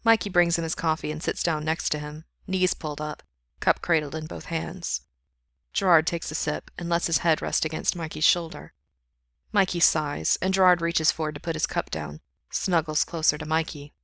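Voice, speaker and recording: A woman reading a story aloud in a steady, intimate way. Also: low voice, normal speed, creaky, no room sound, clean studio sound. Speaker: story reader. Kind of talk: reading fan fiction aloud.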